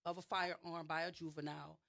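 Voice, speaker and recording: A woman with a New Orleans accent speaks as a radio guest, telling her story emphatically and often restarting her phrases. Her voice sits a little low for a woman. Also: level tone, quick pace, gravelly, a bit bright. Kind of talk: radio interview, personal account.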